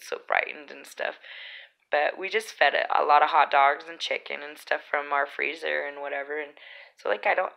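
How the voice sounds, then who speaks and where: A woman's voice: deep voice, vocal fry, muffled recording. A young woman from Utah telling rambling stories in a casual vlog, full of fillers. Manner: chatty, rambling, lots of fillers. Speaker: vlogger. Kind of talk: casual storytelling.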